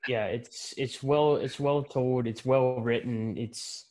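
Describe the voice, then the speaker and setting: Man, mid pitch, easygoing, thoughtful, interview guest. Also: fairly even intonation, slow pace, darkish tone. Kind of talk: casual interview chat.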